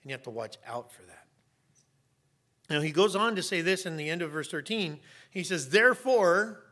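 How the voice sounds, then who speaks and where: A middle-aged pastor with a high voice preaches a sermon emphatically, at times rising into sharp, raised shouts.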